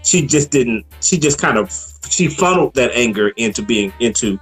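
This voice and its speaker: A man co-hosting a casual movie review chat, relaxed and laughing often as he acts out lines from the film. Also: mid-range voice, moderate pace, faint music behind.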